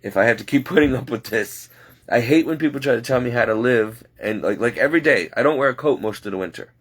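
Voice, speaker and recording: A man's voice: mid-range voice, fairly bright tone, slightly rough. A man, a home caregiver, rambling and exasperated as he vents in a late-night vlog. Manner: talking to himself, restless and frustrated.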